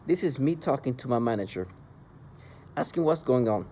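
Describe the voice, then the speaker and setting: A man's voice: mid-range voice, lively intonation, moderate pace, dark tone, a little hiss or hum. A man delivering an agitated, rambling monologue into the camera, with mocking asides. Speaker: vlogger describing being targeted. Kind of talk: angry monologue.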